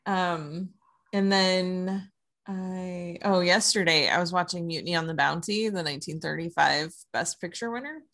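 A woman co-hosting a podcast, chatting casually about films she watched. She laughs often, tells stories excitedly, and says she is tired with a headache. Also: fairly low pitch, normal speed. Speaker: podcast co-host.

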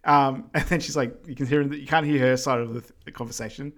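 A man co-hosting a podcast, recapping a film in a relaxed way, full of "um" and "yeah", now and then doing character voices. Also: medium pitch, a little fast. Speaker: podcast co-host. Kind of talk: casual movie recap chat.

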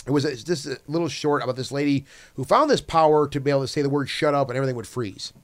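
A man's voice: medium pitch, very fast. A man hosting a casual podcast chat, rambling through his thoughts with restarts and frequent swearing.

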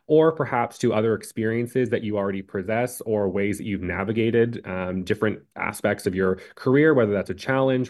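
A man answering interview questions about job hunting in a measured way, with frequent ums and uhs. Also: on the low side, darkish tone. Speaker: career advice guest.

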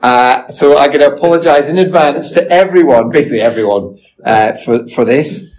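A man's voice: mid-range voice, fairly quick, a little mellow, a little hiss or hum, poor audio. A man in his forties hosting a podcast in casual, self-mocking chat with lots of restarts. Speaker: podcast host.

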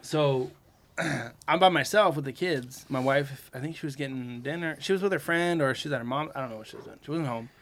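Young male podcast host, lively storyteller, acts out quotes, garage podcast mic. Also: medium pitch, fairly quick. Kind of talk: casual storytelling.

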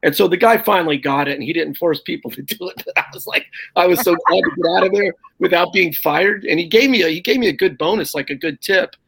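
A middle-aged man, a stand-up comedian, telling animated, salty road stories in casual conversation. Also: sits high, fast talker, creaky, few pauses, breathy edge. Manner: animated anecdote with profanity and quoted voices. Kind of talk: casual storytelling on a podcast.

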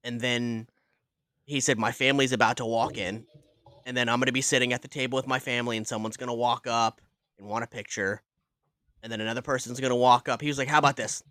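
A man's voice: medium pitch, fairly even intonation, fast talker, bright, forceful tone, dry recording, clean studio sound. A man co-hosting a horror podcast, telling a celebrity anecdote in casual, swearing chat. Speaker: podcast host.

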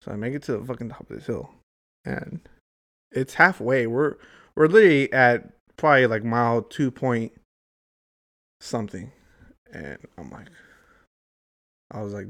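A man's voice: medium pitch, animated, normal speed, pauses often, fairly bright tone. A young adult man telling a long story in casual chat, rambling and swearing freely, saying "like" and "dude" often. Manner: profane, rambling, heavy use of "like" and "dude".

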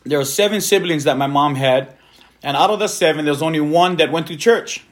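A man's voice: fairly high pitch, fairly quick. A man tells his conversion testimony with earnest, heartfelt feeling. His voice sits a little above the usual male register, and he speaks as a working evangelist addressing a congregation. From Hawaii. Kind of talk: personal testimony.

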